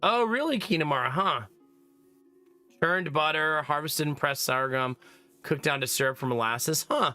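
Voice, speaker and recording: A man chatting casually to his live-stream viewers while gaming, talkative and quick to laugh. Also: on the high side, pushed and bright, soft background music. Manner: chatty, laughs often, talks to chat. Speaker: game streamer.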